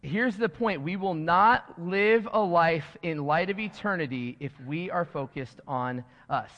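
Pastor, male, slightly high voice, earnest emphatic sermon delivery, muffled recording in a big echoey hall. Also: a little slow, fairly bright tone. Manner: earnest, builds to emphatic preaching with fillers. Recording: dull sound in a long reverberant hall.

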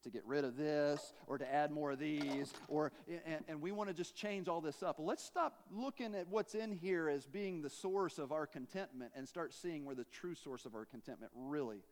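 A man delivering a sermon in a slightly higher voice than most men. He swings from emphatic, raised phrases to quiet, falling endings. His voice rings out with a long hall reverb. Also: moderate pace, hardly any pauses. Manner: preaching with wide swings between emphatic rises and quiet drops. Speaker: pastor.

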